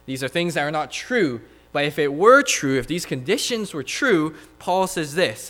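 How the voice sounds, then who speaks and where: A man's voice: a little high, sing-song, moderate pace, hardly any pauses, sharp tone. A man preaching a sermon, reading scripture aloud with many "uh" fillers and building to emphatic repetition.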